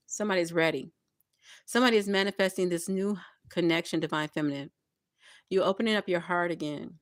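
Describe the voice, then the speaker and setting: A woman's voice: lowish voice, fairly quick, dry recording, studio quality. A woman giving a collective tarot reading, talking straight to her viewers in a repetitive, encouraging way. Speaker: tarot reader. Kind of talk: collective tarot reading, spiritual pep talk.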